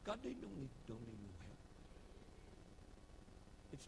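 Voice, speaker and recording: A man preaching a sermon, folksy storytelling that builds into shouted preaching. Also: medium pitch, wildly swooping pitch, takes it slowly, creaky, pauses often, slight background noise, rough recording. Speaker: pastor. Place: church.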